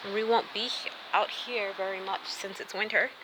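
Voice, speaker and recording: A woman's voice: medium pitch, fairly even intonation, moderate pace, background noise. A woman chatting casually as she walks through her house, rambling and laughing often. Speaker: vlogger. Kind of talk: casual home tour vlog. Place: house, indoors.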